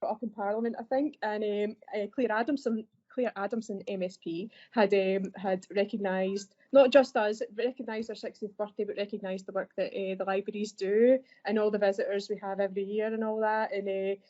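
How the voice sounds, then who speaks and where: A Scottish woman who works as a library assistant chats on a podcast in a friendly, self-deprecating manner. Her medium-pitched voice has a dark tone and fairly even intonation, moving fairly quickly with few pauses, and the podcast audio sounds dull and lo-fi.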